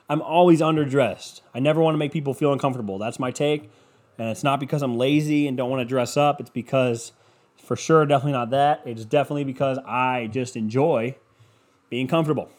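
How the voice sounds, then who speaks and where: A man's voice: mid-range voice, darkish tone. A man rambling through a casual solo monologue at home, swearing often and putting himself down. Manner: rambling, profane, self-deprecating.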